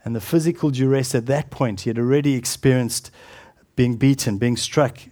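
Earnest man preaching a sermon. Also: medium pitch. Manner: earnest preaching, drops to a hushed, solemn tone, halting restarts. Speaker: pastor.

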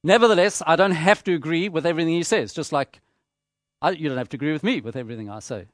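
A man preaching a sermon, measured and emphatic, repeating phrases for rhetorical effect. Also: on the high side, dry recording, studio quality.

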